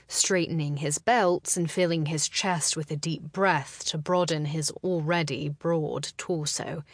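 Woman reading a romance audiobook, lowish voice, really slow, dry close sound. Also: fairly even intonation, no room sound. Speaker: audiobook narrator. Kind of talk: scripted narration.

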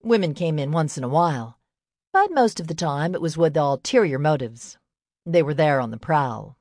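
A woman narrating a novel in a steady, measured storytelling manner. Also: deep voice, dry recording, clean studio sound. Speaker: audiobook narrator. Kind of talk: scripted narration.

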